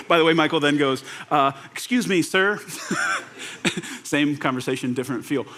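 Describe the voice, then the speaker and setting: A young man preaching a conversational sermon, animated and relaxed, slipping into quoted voices and laughing now and then. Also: fairly high pitch. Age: young adult. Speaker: pastor.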